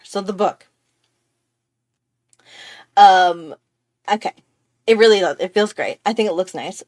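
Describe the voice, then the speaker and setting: Bubbly, excitable woman streaming live. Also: medium pitch, dry recording. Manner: bubbly, excitable, apologetic, chatty with fillers. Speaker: art channel host. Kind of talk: casual live-stream chat.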